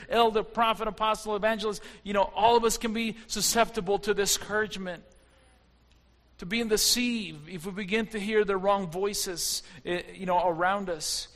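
A man's voice: high voice, steady tone, moderate pace. A man preaching a fervent sermon, his intensity rising and falling as he speaks. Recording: long hall reverb.

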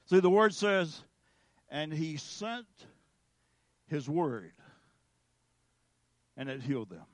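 A male pastor delivers a sermon in a slow, deliberate way, leaning hard on single words and letting pauses hang. His voice sits high for a man. The sound is dry and close. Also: lively intonation, dry recording. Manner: slow, emphatic preaching with dramatic pauses.

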